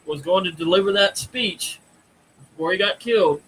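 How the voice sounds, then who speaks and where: A man hosts a live stream in a loose, chatty way, pausing often with ums and uhs. His voice is on the high side for a man. A faint hiss sits behind him. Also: a bit bright, low-quality recording. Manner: hesitant, many fillers. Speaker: podcast host. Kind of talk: casual live-stream chat.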